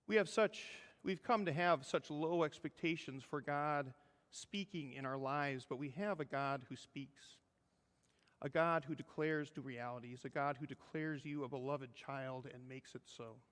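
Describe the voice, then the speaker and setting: A man preaching a sermon as a pastor, earnest, lifting his voice for emphasis and dropping to a hushed close. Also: mid-range voice, fairly even intonation, a little slow, big-room sound.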